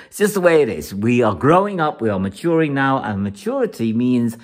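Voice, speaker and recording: Male astrologer with a very animated, up-and-down delivery, giving an emphatic weekly forecast. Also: mid-range voice, normal speed, few pauses. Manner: emphatic and repetitive, often laughing.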